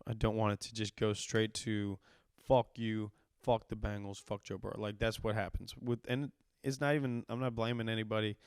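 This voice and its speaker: A comedian in his thirties, hosting his own podcast, tells a story in a casual, profane, animated way, acting out the quotes. His voice is lowish with a clean tone, recorded dry with clean studio sound.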